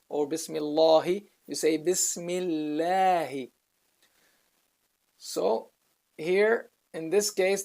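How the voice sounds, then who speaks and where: Gravelly-voiced man teaching Quran reading. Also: fairly high pitch. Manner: patient, explains slowly, recites Arabic words between explanations. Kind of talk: step-by-step recitation lesson.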